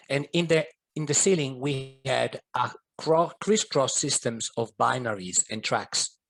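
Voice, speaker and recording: A middle-aged man, a podcast guest and coach, telling a personal story in an earnest, vivid way. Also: mid-range voice. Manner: earnest, vivid, slips in Italian and French phrases.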